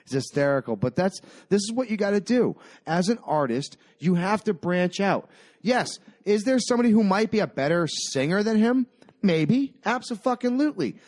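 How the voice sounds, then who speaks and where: Man, podcast co-host, casual chat, slightly high voice, emphatic, repetitive, profane. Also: animated, normal speed, darkish tone. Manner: emphatic, repeats himself, swears freely.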